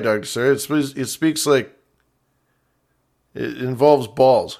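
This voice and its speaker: A man's voice: medium pitch, slow pace, vocal fry, long pauses, a little mellow. Playful male call-in show host. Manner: playful, mock-dramatic, repeats himself. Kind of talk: casual call-in show hosting.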